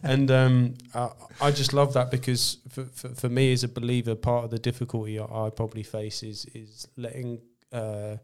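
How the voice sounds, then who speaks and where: Flat-toned thoughtful podcast host, a man. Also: mid-range voice, moderate pace, hardly any pauses, smooth. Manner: thoughtful, hesitant with fillers and repeats. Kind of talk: casual conversation.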